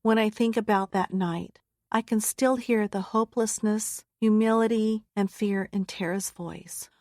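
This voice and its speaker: Woman memoir narrator, mid-pitched voice, steady and earnest, close dry studio read. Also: measured pace, no room sound. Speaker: audiobook narrator. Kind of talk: first-person memoir narration. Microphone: close studio mic.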